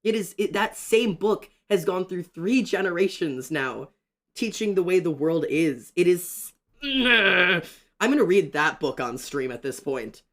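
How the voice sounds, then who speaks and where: A young man chatting excitedly on a livestream while drawing, ranting and greeting his chat. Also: high-pitched, measured pace.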